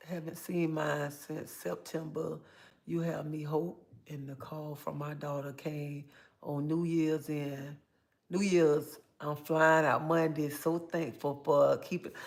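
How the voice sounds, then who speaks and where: A woman's voice: deep voice, little pitch movement, takes it slowly, vocal fry, a little mellow. A middle-aged grandmother hosting a casual livestream, talking emphatically to her viewers, often repeating herself and calling them honey. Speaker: livestream host.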